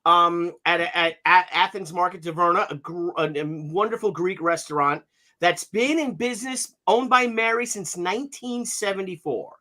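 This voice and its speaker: A man's voice: sits high, moderate pace. A man in his fifties hosting a casual live stream, joking and telling anecdotes. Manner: jokey, animated, tells gags and anecdotes. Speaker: stream host.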